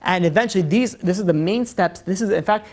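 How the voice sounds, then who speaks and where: Rabbi guy giving a class, talks super fast, lots of you know's. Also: high-pitched. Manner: animated, chatty, full of "you know". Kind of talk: lively lecture to a live group.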